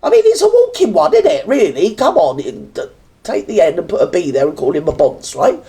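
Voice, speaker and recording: A woman's voice: lowish voice, very animated, a little fast, warm tone. A British woman hosting a reaction video, ranting with sarcasm and indignation and mocking others in put-on voices. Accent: British English. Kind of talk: ranting commentary. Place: indoors, standing.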